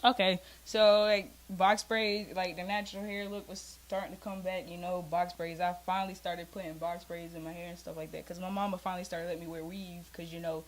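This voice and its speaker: A woman's voice: fairly low pitch, little pitch movement, a little fast, hardly any pauses, slight background noise. A young woman in her twenties with a Southern US accent, a guest in casual chat, candid and laughing often.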